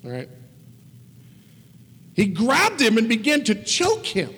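A man preaching a conversational sermon, emphatic and animated, with casual asides. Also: very high-pitched, slow pace, long pauses, breathy edge. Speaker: pastor. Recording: long reverb of a large hall.

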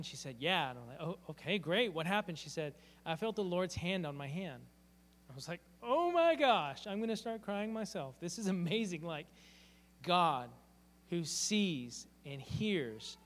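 A fairly high-voiced man preaching in a church hall, his earnest, heartfelt words trailing off into a long hall reverb. He tells a personal story as a pastor, speaking plainly and sincerely. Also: fairly bright tone.

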